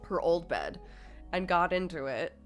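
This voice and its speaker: A woman streamer tells a story in a relaxed, rambling way, filling her sentences with "like" and laughing as she goes. Her voice sits a little low for a woman. Soft music plays faintly behind her. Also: unhurried. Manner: chatty, full of "like" fillers, laughs through the telling. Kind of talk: casual storytelling to a live stream chat.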